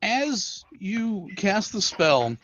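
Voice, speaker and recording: A man narrating a tabletop game as game master, slow and hesitant with many pauses and ums. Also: high voice, sing-song, a bit bright. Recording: dull lo-fi sound with faint music.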